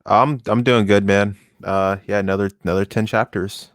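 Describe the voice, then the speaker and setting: A man co-hosting a casual discussion stream, talking in a halting way and searching for words mid-sentence. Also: fairly low pitch, steady tone, dry recording, studio quality. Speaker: co-host reading the series.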